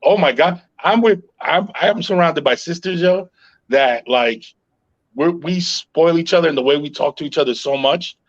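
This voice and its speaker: A middle-aged man chats on a podcast in a calm, level way, dropping "yo" and curses as he tells stories. His voice sits a little high for a man. The recording sounds muffled and lo-fi. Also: normal speed. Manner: calm, even-tempered storytelling with frequent "yo" and profanity. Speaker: podcast host. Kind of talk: casual podcast chat.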